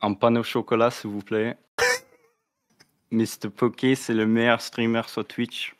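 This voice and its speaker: A streamer doing a deep-voiced mock French speaker who mumbles his words low and drawn out. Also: little pitch movement, unhurried, no room sound, lightly acted. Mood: deadpan.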